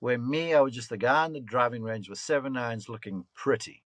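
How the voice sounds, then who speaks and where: A man in his fifties, a golf coach and broadcaster, telling lively anecdotes and laughing often in a casual podcast interview. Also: medium pitch, brisk, no echo. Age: 50s.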